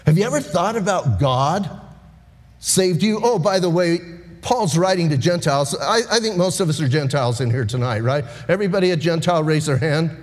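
A man delivers an evening sermon in a high, light voice, chatty and animated as he draws his congregation in. His words ring out with a long hall reverb around them. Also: fairly quick. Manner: animated, conversational preaching with asides to the congregation. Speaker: pastor. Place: church sanctuary.

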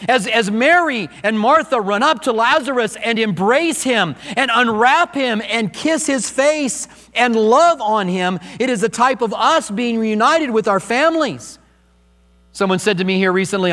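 An older man, a pastor, preaching a sermon with animated delivery and acted-out quotes. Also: high-pitched, a little fast. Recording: long hall reverb, faint mains hum.

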